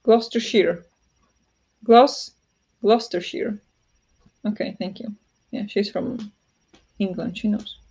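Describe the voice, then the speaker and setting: A woman with a Flemish accent, a native Dutch speaker, chatting loosely with her stream. She laughs often and reads the chat out loud. Her mid-pitched voice comes through a slightly muffled home mic. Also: fairly even intonation, slow pace, pauses often, slightly rough. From Flanders. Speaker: livestream host. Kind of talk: casual livestream chat. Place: home at night.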